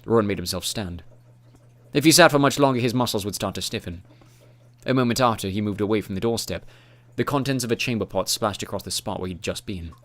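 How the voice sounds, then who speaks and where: A man narrating a fantasy audiobook in a steady, measured way. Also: on the low side.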